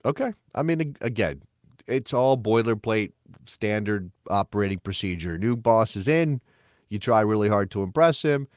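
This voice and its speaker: Male podcast co-host, conversational and animated, dry studio sound. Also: moderate pace, dry recording. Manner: animated, mock-quotes others in high voice. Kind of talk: casual sports talk.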